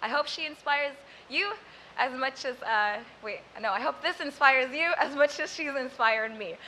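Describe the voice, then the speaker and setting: High bright-voiced Sudanese-born woman poet. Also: moderate pace, a little hiss or hum, rough recording. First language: Arabic. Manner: chatty and self-deprecating between poems, rhythmic when reciting. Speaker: spoken word poet. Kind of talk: live spoken word performance.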